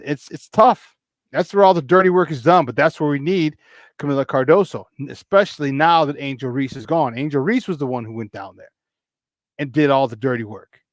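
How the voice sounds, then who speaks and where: A man's voice: mid-range voice, no echo. A man with a Chicago accent hosting a casual live-streamed sports talk show, riffing animatedly and greeting chat viewers by name.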